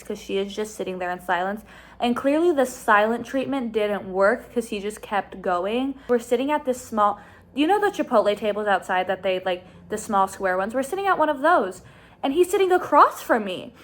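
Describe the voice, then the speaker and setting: A young woman vlogging a casual storytime in a chatty, exasperated way, rushing through phrases. She talks into a handheld phone, first while walking outdoors at night and later at home. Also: mid-range voice, lively intonation, a bit bright.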